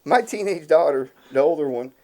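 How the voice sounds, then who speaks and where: A man's voice: on the high side, normal speed. A man, a podcast guest telling long rambling stories in casual chat, often laughing at himself. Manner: rambling, animated, laughs at his own stories.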